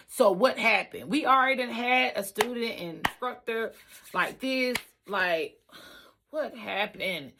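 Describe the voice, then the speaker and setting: Animated bright-voiced woman telling a story. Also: fairly high pitch, unhurried, vocal fry. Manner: animated, emphatic, repeats lines for effect. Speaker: trucker and trucking school staff. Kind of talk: casual storytelling vlog.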